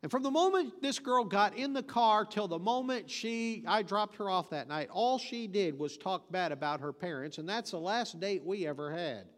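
A man's voice: high voice, animated, normal speed, few pauses, a bit bright, long reverb tail. A man preaching a sermon, telling folksy stories and joking, then hammering points home with emphatic repetition. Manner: folksy storytelling with joke delivery.

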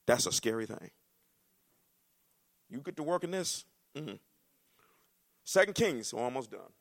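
A male pastor with a gravelly, rough edge to his voice preaches a sermon. He mixes folksy asides with bursts of rising, shouted excitement, at a middling pitch for a man. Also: measured pace.

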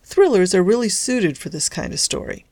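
A woman author narrating her own novella in a lively, lightly humorous storytelling manner. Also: medium pitch, moderate pace, dry recording. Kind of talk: scripted narration of a serialized story.

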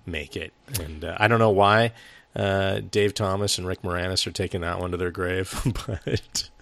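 A man with a very low, gravelly voice chats casually on a film review podcast. He rambles, restarts his sentences and swears freely. The sound is dry and close. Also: steady tone, moderate pace, fairly bright tone, no room sound. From United States. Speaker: podcast co-host.

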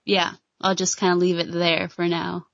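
A woman with a fairly low voice chats casually about a show, hedging her points with fillers. The sound is dry and a little dull, like a lo-fi recording. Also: monotone, normal speed, creaky, fairly bright tone, no echo. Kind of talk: casual chat.

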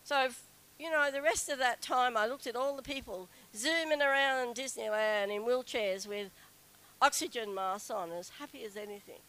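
A middle-aged woman telling a personal story to an audience in a chatty, animated way. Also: normal speed, poor audio. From Australia. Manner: chatty, animated, acts out quoted whining in a high voice. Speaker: speaker telling a story to a group.

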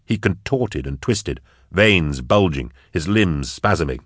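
A man narrating a dark science-fiction audiobook in a low, dramatic storytelling manner. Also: expressive, slow, no echo, clean studio sound. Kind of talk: scripted narration.

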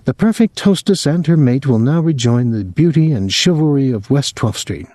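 A man voicing a bitter, restless young wife who speaks in a sharp, sardonic way. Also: mid-range voice, lively intonation, normal speed, no echo, studio quality, voice pushed up, lightly acted. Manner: sardonic, cutting.

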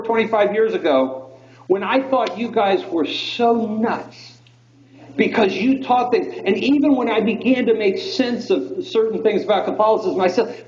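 A man speaks to a live audience in a fairly high voice, turning anecdotes into lessons and calling everyone folks. His voice rings through a reverberant hall. The recording is dull and lo-fi, like an old event tape. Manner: animated storytelling, addresses the crowd as folks. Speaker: Catholic speaker. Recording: echoey hall, dull lo-fi sound.

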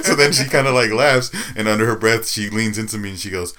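A man's voice: lowish voice, steady tone, quick pace, hardly any pauses, fairly bright tone. A man co-hosting a podcast, telling loose stories with laughs and swearing in casual chat. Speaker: podcast co-host. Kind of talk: casual chat about fighting sports.

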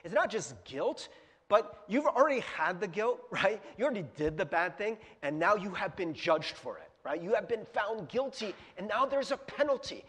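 A man's voice: high voice, lively intonation, moderate pace, fairly bright tone, breathy edge, in a large hall. A man preaching a casual, chatty sermon as pastor, asking his small audience questions and laughing often. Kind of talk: conversational sermon. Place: church hall with a projector.

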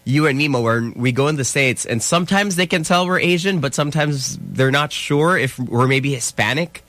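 A young Filipino man co-hosting morning radio, easygoing and chatty, at a middling pitch. His voice sits close and dry on the mic. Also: animated, normal speed, fairly bright tone, dry recording. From Philippines. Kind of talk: casual radio banter.

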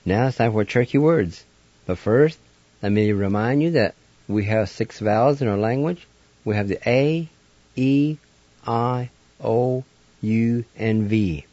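Speaking at a measured pace in a warm, mid-range voice, a language teacher and radio host gives a slow pronunciation lesson on air. He patiently spells each word letter by letter and sounds it out. The audio has no echo and sounds dull.

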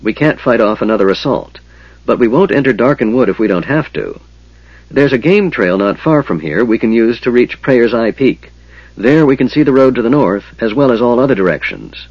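A man's voice: medium pitch, animated, normal speed, slightly rough, dry recording, lo-fi sound. A man playing a grim, firm half-elf leader.

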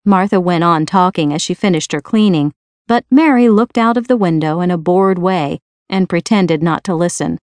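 A woman narrating a storybook in a clear, even, careful reading voice. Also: fairly low pitch, moderate pace, no room sound. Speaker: audiobook reader.

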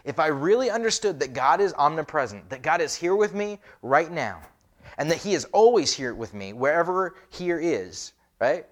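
A man's voice: a little high, big pitch swings, measured pace. A man, a pastor, preaching a conversational sermon with many rhetorical questions. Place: church.

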